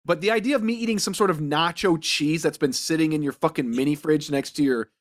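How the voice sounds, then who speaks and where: A man co-hosting a comedy podcast, talking in a casual, animated way and breaking into silly voices. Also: on the high side, brisk. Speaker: podcast co-host.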